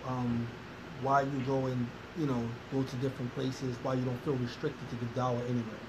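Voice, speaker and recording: A man interviewing, asking questions softly and giving short agreements. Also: medium pitch, flat delivery, brisk, noisy background. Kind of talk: casual interview.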